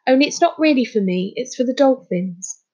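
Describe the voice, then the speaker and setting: A woman's voice: high voice, expressive, moderate pace, voice pushed up. A woman voicing a young boy who turns bold and insistent as he begs for help, on a dull lo-fi recording. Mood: determined. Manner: pleading, forceful.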